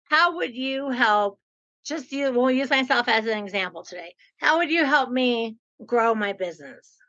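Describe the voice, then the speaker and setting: A woman's voice: fairly high pitch, animated, normal speed, pushed and bright, highs cut off. A woman in her sixties hosting a podcast interview, chatty and playful, with a lot of "like". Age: 60s. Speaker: podcast host. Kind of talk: casual interview.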